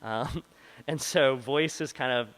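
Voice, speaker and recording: A product manager takes audience questions at a meetup, speaking slowly in a medium-pitched, fairly bright voice. The recording is rough, and his answers before the live meeting-room crowd are loose and chatty, loaded with likes and ums.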